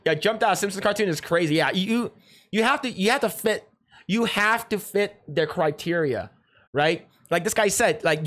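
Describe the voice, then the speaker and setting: A man's voice: high voice, animated, a little fast, a bit bright. A man hosting a livestream, reacting to a clip in rambling, sarcastic casual chat with frequent restarts and swearing.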